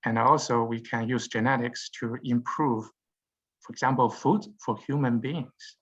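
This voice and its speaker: A man lecturing a university genetics class, halting with many fillers and restarts. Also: mid-range voice, steady tone, a bit bright. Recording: dull lo-fi lecture recording.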